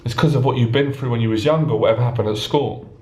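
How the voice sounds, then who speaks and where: A man's voice: medium pitch, fast talker, dark tone. Earnest man, roomy echo. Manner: earnest, passionate, acts out anxious thoughts. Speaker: anxiety coach. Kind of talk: motivational monologue to camera.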